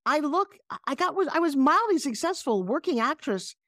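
A middle-aged woman with a New York accent, a guest telling animated stories on a video call. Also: high-pitched, moderate pace, dry recording, studio quality. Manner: animated, emphatic storyteller. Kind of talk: casual interview storytelling.

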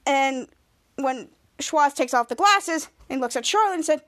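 Woman podcast host, rambling recap, very high voice, lots of fillers. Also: lively intonation, a little slow, a bit bright. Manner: rambling, filler-heavy retelling. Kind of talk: episode recap.

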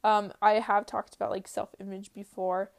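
Earnest young woman with a creaky voice. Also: medium pitch, level tone, normal speed. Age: early 20s. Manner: earnest, uses many "like" fillers. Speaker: vlogger. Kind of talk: casual faith-based personal talk.

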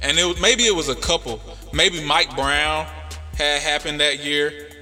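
A relaxed male podcast host talks through a story at an easy pace. His voice is bright and forward, heard with a long reverb tail. Faint music sits underneath. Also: a little high, measured pace. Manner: laid-back, rambling with many fillers. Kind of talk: casual storytelling chat.

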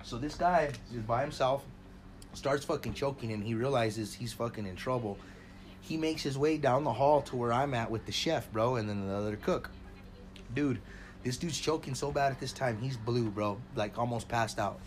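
At a moderate pace and medium pitch, this man co-hosting a podcast launches into a loud, excited story. His talk is casual and full of swearing, with "bro" dropped nonstop, and faint noise sits in the background.

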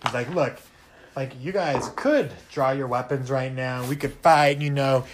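A man's voice: mid-range voice, a little slow, close to an everyday voice. A man voicing a chatty male villain's henchman who rambles and wheedles, full of filler words. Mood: wheedling.

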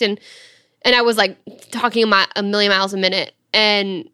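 A woman's voice: medium pitch, steady tone, bright, forceful tone, clean tone. A young woman telling a story in a casual, chatty way, with lots of "like". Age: young adult. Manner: chatty, fast, full of "like". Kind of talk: casual chat.

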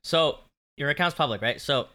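A young man co-hosting a podcast, chiming in with slangy jokes and quick interjections. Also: on the high side, pushed and bright. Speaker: podcast co-host. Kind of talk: casual chat.

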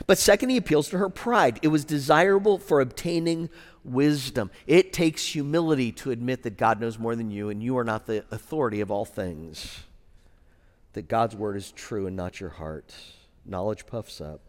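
A man pastor preaching a sermon in a conversational way, with wry asides and quieter serious points. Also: mid-range voice, moderate pace, long reverb tail.

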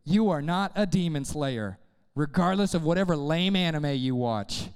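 High, clear-voiced youth preacher. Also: male voice, normal speed, long reverb tail. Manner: energetic, casual, call-and-response with youth. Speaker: youth pastor. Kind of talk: sermon.

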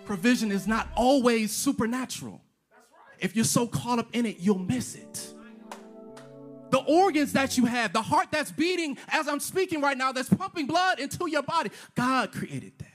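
A man with a strikingly high voice preaches a sermon. He drives points home by repeating them and stacking rhetorical questions, mixing in easygoing slang. Soft music plays faintly behind him. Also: expressive, moderate pace. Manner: casual slang mixed into preaching. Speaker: pastor.

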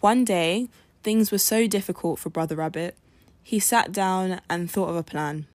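A woman hosting a podcast, narrating a folk tale in a clear, measured storytelling manner. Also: fairly low pitch, darkish tone, no echo. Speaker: podcast host.

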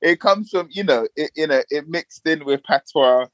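A man's voice: fairly high pitch, moderate pace, no echo, muffled recording. Rambling Northwest London man. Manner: rambling with many fillers and restarts. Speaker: podcast guest. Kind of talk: casual panel chat.

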